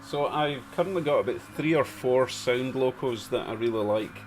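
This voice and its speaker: A Glaswegian man hosts a live stream in a relaxed, chatty way, reading out and answering comments from his viewers. His voice sits at an ordinary middle pitch. Clear music plays behind him. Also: normal speed. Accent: Glaswegian Scottish. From Scotland. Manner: chatty, reads out chat comments, chuckles to himself. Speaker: model railway livestream host. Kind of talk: casual live-stream chat.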